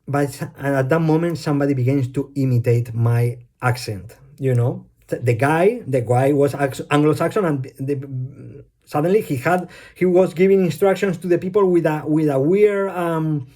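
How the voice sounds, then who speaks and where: A man's voice: a little high, normal speed, warm tone. A man with a Spanish accent, a native Spanish speaker, rambling bluntly through a casual monologue and swearing offhandedly.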